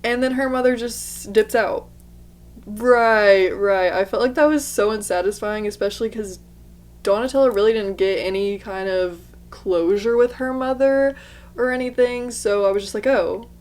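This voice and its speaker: A woman's voice: mid-range voice, moderate pace, a little mellow. A young woman chatting casually through a book review, exclamatory and full of 'like' as she talks.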